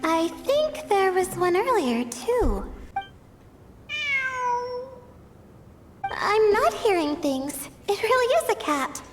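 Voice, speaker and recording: A timid young scholar from a game, soft-spoken and prone to stammering. Her voice sits very high and moves a lot, but she speaks slowly. Faint music runs underneath. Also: sing-song, heavy background noise, heavily acted. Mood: wary. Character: shy, sleepy young female scholar. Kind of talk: game voice acting.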